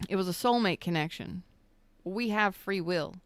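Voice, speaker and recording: A woman reading tarot on a live stream, emotional and choked up, talking slowly and soothingly with halting pauses. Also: medium pitch, dry recording. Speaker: tarot reader.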